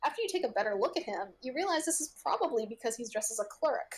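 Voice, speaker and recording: Halting woman game master, fairly high voice. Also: animated. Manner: halting, with many fillers and frequent laughs. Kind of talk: narrating a tabletop game.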